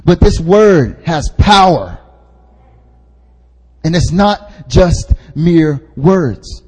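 A man's voice: on the high side, animated, extremely slow, darkish tone. A young man, an intern pastor, preaching at a prayer meeting in a casual, joking way, repeating his key points for emphasis. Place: church hall. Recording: long hall reverb.

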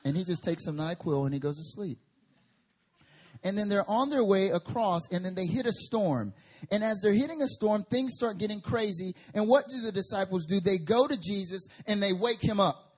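A man preaching a sermon at a church service, telling Bible stories in an animated way with slang and humor. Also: sits high, moderate pace. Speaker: guest preacher.

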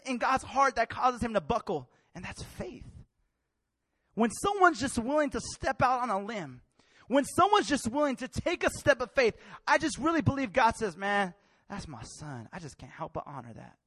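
A male preacher with a notably high voice delivers his sermon in an animated, colloquial style, slipping into casual slang as he drives his points home. The sound is close and dry, with no room around it. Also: brisk, dry recording. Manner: animated, colloquial, acts out Bible characters in street slang.

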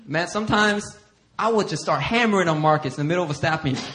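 A middle-aged male pastor preaching a sermon. He tells stories against himself in an animated way and acts out what other people said. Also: fairly high pitch, fast. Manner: animated self-deprecating storytelling, acting out others' lines. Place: church sanctuary.

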